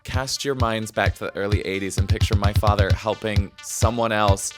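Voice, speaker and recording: A jokey woman co-hosting a podcast, her voice strikingly low for a woman. She chats casually and swears freely. Faint music sits under her. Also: steady tone, moderate pace. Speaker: podcast co-host. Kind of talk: casual chat.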